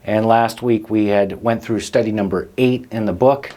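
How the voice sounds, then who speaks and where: A man's voice: lowish voice, steady tone, normal speed, dark tone. A man hosting a drum lesson, explaining rhythms patiently and counting the beats aloud. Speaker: drum teacher and host.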